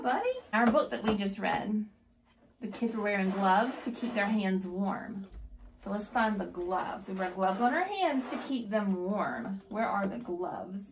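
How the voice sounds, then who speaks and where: A woman's voice: mid-range voice, gravelly. A mother patiently coaching her young child through play at home, with encouraging, sing-song speech. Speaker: mother and caregiver. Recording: noisy home recording.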